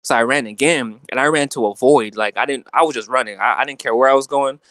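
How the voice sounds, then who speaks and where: A young man in the middle of a tale, slangy and animated, piling up fillers as he goes. His pitch sits in the usual middle, and the room is dry and close. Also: fast, no room sound. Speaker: guest telling a dream. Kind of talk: casual storytelling chat.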